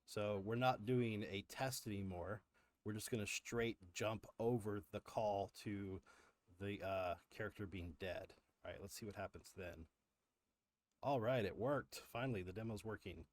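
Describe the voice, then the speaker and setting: Male streamer, lowish voice, casual explainer with ums and restarts, dry close mic. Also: measured pace, no echo. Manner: explanatory, frequent fillers and restarts. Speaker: livestream host. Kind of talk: live coding walkthrough.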